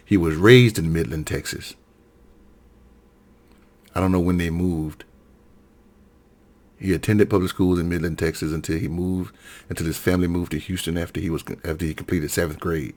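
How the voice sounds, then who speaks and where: A man's voice: deep voice, fairly even intonation, moderate pace, pauses often, darkish tone. A middle-aged man from Alabama giving a heated solo rant, often repeating and correcting himself. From Alabama, USA. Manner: heated, repetitive, self-correcting. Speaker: political commentator.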